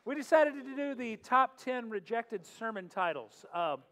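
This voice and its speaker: Middle-aged man, pastor host, high-pitched, casual and joking, echoey church with faint music. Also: expressive, measured pace, a bit bright. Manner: joking, chatty, laughs often. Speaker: pastor hosting a worship night. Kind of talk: casual humorous talk and prayer. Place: church sanctuary. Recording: long hall reverb, faint music.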